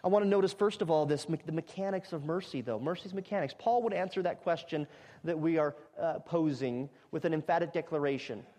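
A man preaching an expository sermon, emphatic, repeating phrases and building to loud climaxes. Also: fairly high pitch, a little fast, long reverb tail.

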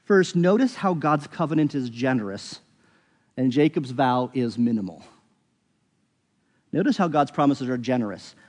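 A man's voice: mid-range voice, lively intonation, normal speed, long pauses, darkish tone. Earnest man preaching in a reverberant hall. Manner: earnest, explanatory, self-correcting. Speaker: pastor. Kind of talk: sermon.

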